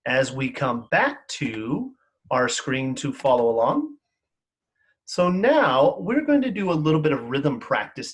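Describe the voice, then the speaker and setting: Speaking into a computer mic, a male music teacher runs an online lesson for kids in an upbeat, encouraging way. His pitch jumps up and down with lively energy as he counts the class in and chants rhythm syllables along with them.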